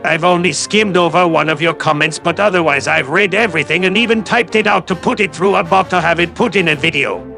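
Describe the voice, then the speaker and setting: A man's voice: on the high side, vocal fry. A man giving a sarcastic, condescending callout commentary as a YouTube commentator.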